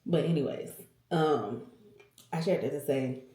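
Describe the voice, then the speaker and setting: A woman vlogger shares a personal story, candid and emotional, calling her viewers y'all. Her voice is warm and mellow. It sits a little low, and the room around her gives it a noticeable echo. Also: a little slow. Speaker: vlogger and working mother. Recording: roomy echo.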